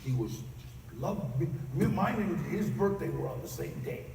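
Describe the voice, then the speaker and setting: A man giving a personal storytelling speech at a conference, animated and prone to loud acted outbursts. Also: on the high side, moderate pace, creaky, background noise. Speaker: conference speaker. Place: large convention hall. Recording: echoey hall recording from far off.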